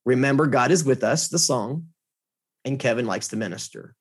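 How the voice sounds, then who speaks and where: A man with a husky, slightly breathy voice recounts a personal story to a host. His telling is animated and earnest, and his pitch sits in an ordinary middle range. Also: normal speed. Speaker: guest. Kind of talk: casual storytelling in conversation.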